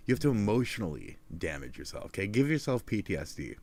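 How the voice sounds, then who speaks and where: A man's voice: on the low side, big pitch swings, quick pace, darkish tone. A sleepy young man who keeps yawning as he rambles and swears while signing off from his stream. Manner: drowsy, profane, rambling. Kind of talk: casual rambling sign-off.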